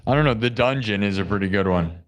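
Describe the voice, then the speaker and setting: A man's voice: on the low side, fast talker, a little hiss or hum. A man hosting a music livestream, rambling and joking casually with his chat. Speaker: livestream host.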